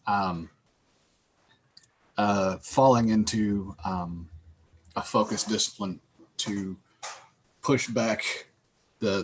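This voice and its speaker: A man playing a tabletop game, calmly describing his character's focus. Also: low voice, husky. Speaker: player. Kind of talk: tabletop role-play narration.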